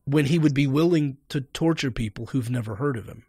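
A man hosting a podcast, arguing his points in an animated, emphatic debate interview. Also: mid-range voice, brisk, slightly rough. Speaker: podcast host.

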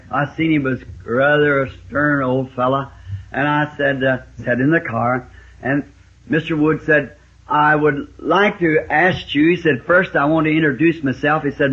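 A man from the States, preaching and telling a folksy hunting story, with sudden high exclamations. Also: breathy edge. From Southern United States. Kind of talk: storytelling sermon. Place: church meeting with a congregation. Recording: lo-fi 1960s live sermon tape.

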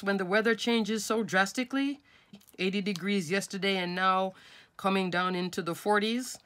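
A woman's voice: mid-range voice, moderate pace, a bit bright. A middle-aged woman, nasal from a cold, chatting her way through a step-by-step craft tutorial at her desk and talking to viewers as folks and crafters.

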